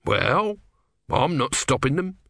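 A man's voice: mid-range voice, sing-song, slow, vocal fry, sharp tone, dry recording, clean studio sound, voice pushed up, heavily acted. A man voicing a grumpy male god trapped as a tortoise, petulant and offhand in an audiobook. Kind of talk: audiobook character voice.

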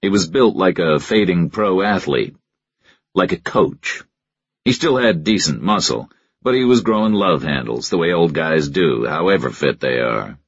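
A man narrating a first-person crime story in a measured, deadpan way. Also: sits low, breathy edge, no room sound, highs cut off. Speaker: audiobook narrator.

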